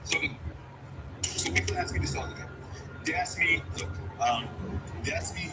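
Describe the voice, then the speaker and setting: A man's voice: a little high, huge pitch swings, normal speed, long pauses. Blunt offhand man on a livestream. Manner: blunt, reads viewer questions aloud and answers offhand. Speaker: livestream trading host. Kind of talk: casual live stream chat. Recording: loud background noise.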